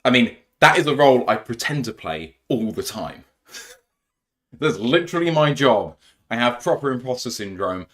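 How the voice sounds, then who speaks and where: A man's voice: mid-range voice, expressive, normal speed, fairly bright tone. A young man hosting a casual podcast, chatting and joking about himself with frequent laughs. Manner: laughing, self-deprecating banter. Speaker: podcast host. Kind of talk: casual live podcast chat.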